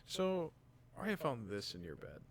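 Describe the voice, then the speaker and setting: A man's voice: medium pitch, big pitch swings, normal speed. A man in his thirties, a podcast co-host, telling a rambling, profane family story with acted-out dialogue in casual chat. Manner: rambling anecdotes with acted-out dialogue, swears freely.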